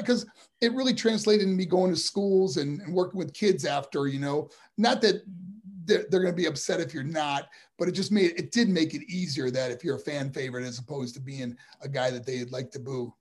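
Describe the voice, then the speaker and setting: A man's voice: a little high, slightly rough. A middle-aged man, a former wrestler and boxer, telling rambling stories in a casual interview. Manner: rambling, animated storytelling with restarts.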